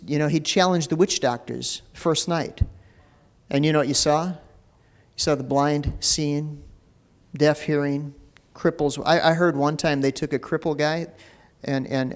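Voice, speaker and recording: A man preaching a sermon as pastor, talking in a loose, conversational way full of fillers. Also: fairly high pitch. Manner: conversational preaching with many "you know" fillers. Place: church sanctuary. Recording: long reverb of a church hall.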